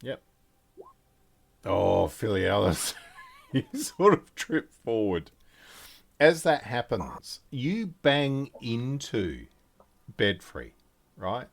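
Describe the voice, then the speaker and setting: A man narrating as game master of a tabletop game, in a relaxed, halting way with small fillers and restarts. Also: mid-range voice, creaky.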